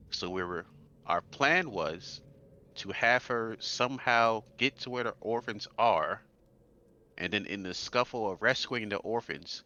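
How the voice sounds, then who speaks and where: A man playing a tabletop game in casual chat, laughing often and sounding animated and easily confused. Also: on the low side, muffled recording.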